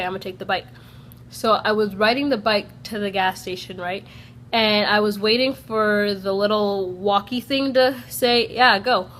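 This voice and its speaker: A woman's voice: mid-range voice, a bit bright, a little hiss or hum. A young American woman chatting through a personal story on her vlog, peppering her talk with "like" and acting out what people said. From United States. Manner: chatty, fills speech with "like", acts out quoted people. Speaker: vlogger. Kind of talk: casual storytime.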